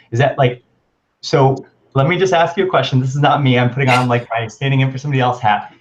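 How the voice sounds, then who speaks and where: A man's voice: medium pitch, fairly even intonation, fast talker. Man co-host, dull lo-fi sound. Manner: probing, playful questioning. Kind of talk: conversational interview.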